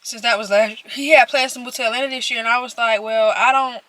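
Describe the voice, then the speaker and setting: A woman's voice: fairly high pitch, steady tone, fast, a bit bright, no echo. An eighteen-year-old woman telling a personal story to her viewers while eating, in a chatty way that speaks straight to them. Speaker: vlogger.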